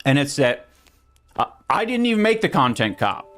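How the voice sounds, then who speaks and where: A man's voice: a little high, sing-song, normal speed, a bit bright. A man talking casually and a little hesitantly in a video clip. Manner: conversational, hesitant.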